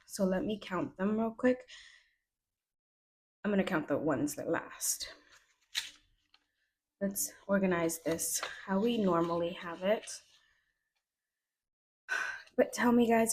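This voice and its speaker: A woman's voice: mid-range voice, poor audio. A woman vlogger chatting casually to camera about her week while counting out cash, with dry sarcastic asides. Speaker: budgeting vlogger.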